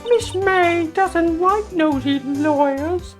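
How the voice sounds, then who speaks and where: A woman doing a squeaky, teasing young witness. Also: slow. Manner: sing-song, teasing, sly. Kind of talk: voicing game dialogue. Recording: game music behind the voice.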